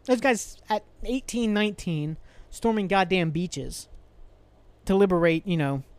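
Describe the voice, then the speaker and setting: A man's voice: high voice, unhurried, clear, resonant tone. A young man hosting a solo podcast, ranting angrily and profanely with frequent sighs and restarts. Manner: angry, profane, rambling rant with sighs. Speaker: podcast host.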